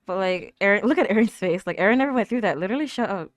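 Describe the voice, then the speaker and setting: Female reaction host, chatty and animated, talks back at the screen; dry, close sound. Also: medium pitch, racing, no echo. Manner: laughs often and coos at cute moments. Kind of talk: casual reaction commentary.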